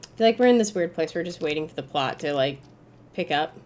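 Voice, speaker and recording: A young woman streaming a game, chatting casually to her viewers and swearing, with loud flare-ups whenever the game frustrates her. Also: sits low, animated, a little fast. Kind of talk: live gameplay commentary.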